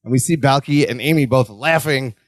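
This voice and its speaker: A podcast co-host with a medium-pitched voice recaps a sitcom episode in a casual chat, recorded in studio quality with no room sound. He's animated, acting out the characters' lines in quick voices.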